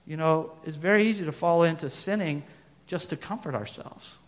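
A man with a voice on the higher side delivers a sermon, turning often to his listeners with questions and reading scripture aloud. His words ring out with a long reverb, as in a large hall. He moves between louder, emphatic stretches and quieter ones. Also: normal speed. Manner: asks the listeners questions, reads scripture aloud, loudness rises and falls. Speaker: preacher.

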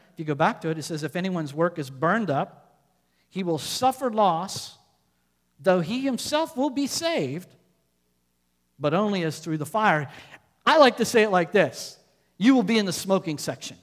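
A male pastor with a high voice preaches a sermon in a church sanctuary. He builds to loud, emphatic points, then drops to quiet asides. His voice carries a long reverb from the large hall.

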